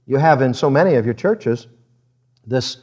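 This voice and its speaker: A man's voice: medium pitch, animated, normal speed, darkish tone. A man preaching a sermon in a church service, talking frank and conversational, breaking into laughter as he speaks.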